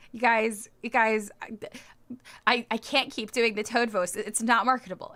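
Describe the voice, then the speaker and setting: A woman's voice: on the high side, moderate pace, fairly bright tone. A woman livestreamer in casual chat who giggles often and answers her viewers' comments as she goes.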